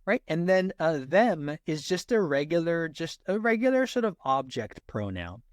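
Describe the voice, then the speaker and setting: Male tutor, casual lesson delivery, habitual "right?" checks, slightly high voice, dry close sound. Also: sing-song, dry recording. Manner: repeats "right?" after nearly every point; slows down to stress example sentences. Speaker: SAT tutor. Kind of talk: casual teaching explanation.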